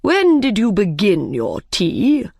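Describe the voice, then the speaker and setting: A threatening king barks orders in a storybook reading, as a woman reader puts him on. He speaks slowly and loudly, stretching out each command. The sound is dry and close. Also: mid-range voice, wildly swooping pitch, gravelly, dry recording, heavily acted. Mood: stern. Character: bossy, threatening king, adult man.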